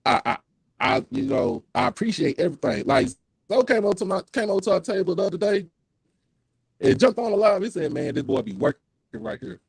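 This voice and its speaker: A man's voice: sits high, lively intonation, brisk, creaky, slightly rough, no room sound. A man guesting on a live sports chat over his phone, talking earnestly with many restarts and fillers. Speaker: guest who runs his own sports live stream. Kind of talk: casual live-stream chat. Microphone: phone on a call.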